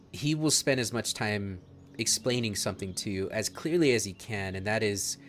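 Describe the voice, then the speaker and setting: A man narrates a tabletop game as its game master, unhurried and descriptive with jokes tossed in. His voice sits on the low side. Faint music plays in the background. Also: a bit bright. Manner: measured, descriptive, jokey asides.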